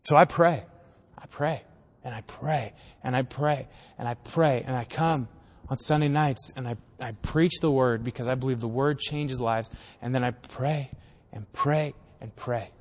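A man's voice: medium pitch, unhurried, big-room sound. A man pastor giving a casual, conversational sermon in a church. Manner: casual, conversational preaching with acted-out voices.

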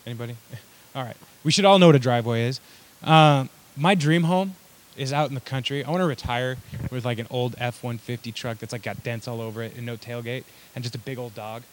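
Young male pastor, casual sermon delivery, loose and joking, mid-pitched. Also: a little fast, slight background noise. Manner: conversational, joking asides, many fillers.

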